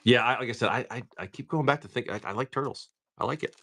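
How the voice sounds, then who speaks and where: A man's voice: medium pitch, quick pace, bright, forceful tone, a little hiss or hum. A man hosting a live card-break stream, chatting casually and rambling, with frequent restarts.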